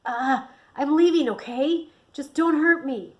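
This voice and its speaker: A woman's voice: sits high, a little slow, voice pushed up. Spooked teen boy, breathless, voice cracking, read by a woman author. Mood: pleading.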